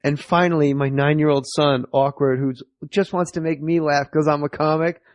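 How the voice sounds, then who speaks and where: A man's voice: fairly high pitch, steady tone, moderate pace, no room sound, highs cut off. A stand-up comedian in his forties, telling stories profanely and animatedly in a casual podcast chat. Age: 40s.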